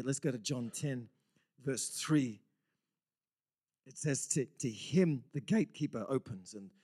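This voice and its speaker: Impassioned man preaching a sermon. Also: mid-range voice. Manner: dramatic swings from loud exclamations to hushed whispers; earnest, excitable preaching with frequent repeated words. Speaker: pastor.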